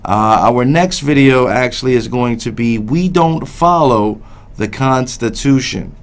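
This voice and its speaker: Male call-in host, heated ranting delivery, mid-pitched voice. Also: unhurried. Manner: heated, repetitive, swears under his breath. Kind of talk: ranting political call-in talk.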